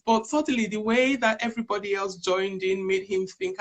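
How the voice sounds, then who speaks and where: A woman's voice: medium pitch, normal speed, hardly any pauses. A woman in her fifties, a charity chief executive as an interview guest, telling stories earnestly and digressing as she goes. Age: 50s. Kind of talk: conversational interview.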